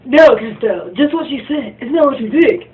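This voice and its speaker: A woman's voice: high voice, moderate pace, far from the mic, pitched above the performer's own voice, natural voice. A woman quoting an annoyed teenage boy from a game in close to her own voice. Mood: protesting. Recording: tinny phone-like recording, faint hum.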